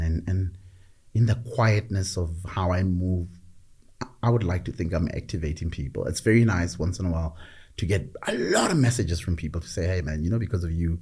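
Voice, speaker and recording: A middle-aged man telling stories in a reflective conversation, measured and often repeating words as he gathers his thoughts. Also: sits low, dark tone, slightly rough. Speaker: podcast guest.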